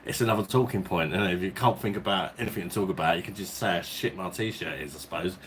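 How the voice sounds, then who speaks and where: A man from England with a slightly low voice hosts a casual live stream from home. He greets viewers by name and calls everyone mate in blokey slang. A faint hiss sits under his voice. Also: quick pace, a bit bright. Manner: chatty, reads out viewer names and greets them. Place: at home, indoors.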